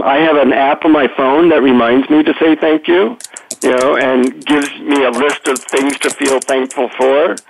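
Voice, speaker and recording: A man's voice: a little high, gravelly. A middle-aged man, a psychotherapist and author, telling stories as a guest on a phone-in radio interview. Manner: animated storyteller, chatty with fillers. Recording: tinny phone line.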